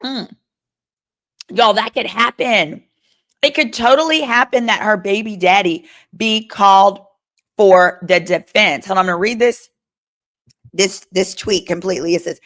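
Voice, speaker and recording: A woman's voice: medium pitch, a little slow, fairly bright tone. A woman lawyer hosting a live stream, reading chat comments and giving sassy, chatty legal commentary.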